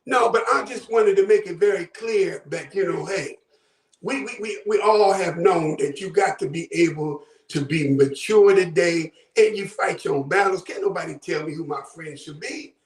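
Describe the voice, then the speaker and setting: A man from Buffalo, New York rings a talk show with impassioned, preacher-like commentary, his voice often rising. He sounds high-pitched and speaks at a normal speed. The recording is roomy and distant from the mic.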